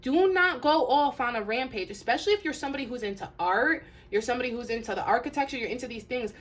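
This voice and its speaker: A woman's voice: a little high, fairly bright tone. Earnest rambling woman tarot reader. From Detroit area. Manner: rambling, earnest, many restarts and fillers. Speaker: spiritual advisor doing a tarot reading. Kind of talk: casual tarot reading to camera.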